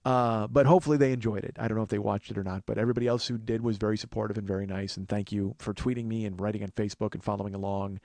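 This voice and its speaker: A man's voice: lowish voice, steady tone, very fast, hardly any pauses, a little mellow, dry recording. A man in his forties hosting a podcast, telling stories in a rambling comedic monologue. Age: 40s. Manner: rambling storytelling with restarts. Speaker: podcast host.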